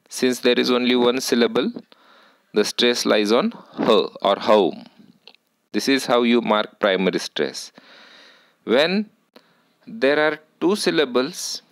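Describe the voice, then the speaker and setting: A man giving a university lecture, explaining slowly and deliberately with frequent pauses. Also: medium pitch, fairly bright tone, no echo, poor audio. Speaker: English lecturer.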